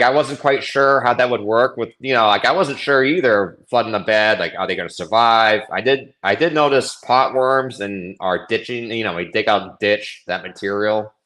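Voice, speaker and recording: A man's voice: medium pitch, a bit bright. A man, a cranberry grower, talking as a guest in a casual interview, telling things in a rambling, hesitant way.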